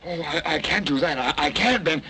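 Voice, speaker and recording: A man's voice: on the high side, moderate pace, crowd noise, lightly acted. An actor playing a cowardly male informer in 1940s film drama, speaking with a Southern US accent, stammering and pleading.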